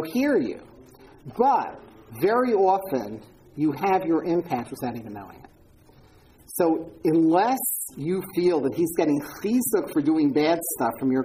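A woman's voice: low-pitched, mellow, a little hiss or hum, poor audio. A woman giving an informal talk and answering audience questions, speaking conversationally with repeated words and frequent ums as she tells stories. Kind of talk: informal lecture with Q&A.

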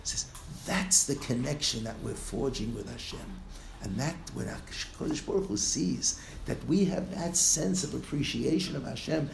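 Man, Torah lecture, gravelly voice, fairly high pitch, echoey room. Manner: animated, rising to exclamations and trailing into soft asides, laughing at times. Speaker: rabbi giving a Torah lecture. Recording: echoey room with faint noise.

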